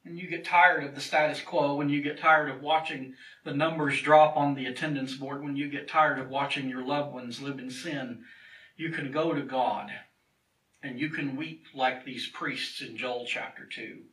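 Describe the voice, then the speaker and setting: A man's voice: medium pitch, fairly even intonation, normal speed, fairly bright tone, reverberant, recorded from a distance, low-quality recording. A man preaching a sermon from a church pulpit, earnest and driving his points home by repeating key phrases. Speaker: pastor.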